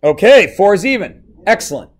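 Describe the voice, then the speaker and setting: A man's voice: high-pitched, big pitch swings, brisk. A male math teacher in a classroom, playfully quizzing his students and joking with them. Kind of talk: classroom lesson.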